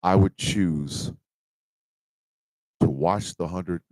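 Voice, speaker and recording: A man hosting a live show, giving a passionate, emphatic monologue that swings between quiet and loud. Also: sits low, drawn-out words, no room sound, low-quality recording. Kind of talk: emotional livestream monologue.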